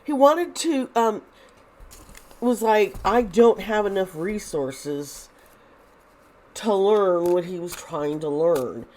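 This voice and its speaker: A woman's voice: medium pitch, slow, pauses often, a little mellow. A woman hosting a casual tarot reading, thinking aloud with many restarts and sounding a bit nervous. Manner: nervous, uneasy. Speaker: tarot reader and video host.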